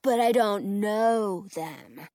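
Brief: woman doing a deadpan storybook guard, lower and slower than her narration, in a dry room. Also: no echo. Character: gatekeeping male castle guard, literal-minded.

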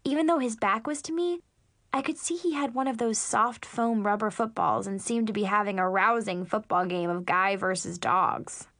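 A woman narrating a first-person teen story in a lively, expressive way. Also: medium pitch, normal speed, dry recording, clean studio sound. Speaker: audiobook narrator.

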